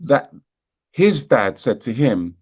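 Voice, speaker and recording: A man's voice: medium pitch, slightly rough. Male guest, British accent, laid-back storyteller, muffled lo-fi sound. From Britain. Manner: relaxed and unhurried, with frequent fillers and asides. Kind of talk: casual conversational storytelling.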